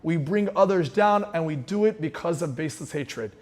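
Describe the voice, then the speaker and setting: A man's voice: a little high, expressive, moderate pace, a little mellow. A man giving an inspirational sermon as a rabbi, telling stories with passion and sprinkling in Hebrew terms.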